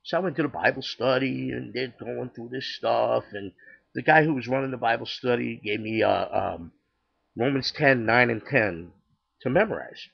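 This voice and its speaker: A man's voice: medium pitch, normal speed, creaky, breathy edge, highs cut off. An older man casually telling his personal faith testimony, chatty and acting out the dialogue with many restarts. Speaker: storyteller sharing his testimony.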